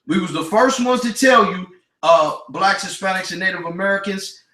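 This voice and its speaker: A man hosting a radio show, preaching forcefully in street slang laced with scripture, repeating his points for emphasis. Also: sits high, normal speed, echoey room, far from the mic, low-quality recording. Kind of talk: preaching talk radio commentary.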